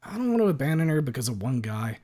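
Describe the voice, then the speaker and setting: A man's voice: mid-range voice, big pitch swings, fast, warm tone. A man voicing an easygoing teenage boy who talks casually and keeps calling his friend dude and man. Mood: earnest. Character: easygoing teenage boy, a laid-back bro.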